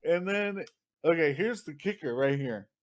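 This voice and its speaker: A man's voice: a little high, animated, a little slow. A man co-hosting a casual podcast, telling a story with lots of swearing and acting out what other people said. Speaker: podcast co-host. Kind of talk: casual chat.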